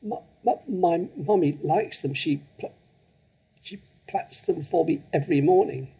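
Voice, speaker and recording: A terrified little schoolgirl stutters out her words in a high, trembling pitch. A man reading the story voices her. Underneath sits a slightly husky grain. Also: a little slow, mellow, heavily acted. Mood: frightened. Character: terrified ten-year-old girl with pigtails.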